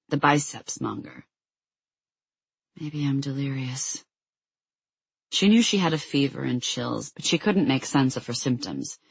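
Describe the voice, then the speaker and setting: An audiobook narrator tells the story in a steady, measured way. The voice is somewhat husky and sounds dry and close. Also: mid-range voice, no echo.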